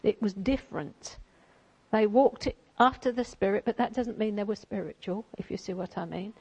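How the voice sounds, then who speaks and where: A woman speaks to a church group in a relaxed, conversational way. She drifts between teaching and reading a storybook passage aloud, with frequent ums and little asides along the way. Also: mid-range voice, moderate pace, breathy edge, poor audio. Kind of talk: informal sermon with a read-aloud passage.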